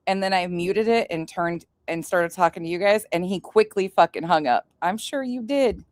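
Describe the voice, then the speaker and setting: A woman's voice: on the low side, normal speed, few pauses, a little mellow, no echo. A woman hosting a casual livestream, brash and sarcastic, swearing often and laughing at her own stories. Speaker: streamer host. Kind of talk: casual profane livestream chat.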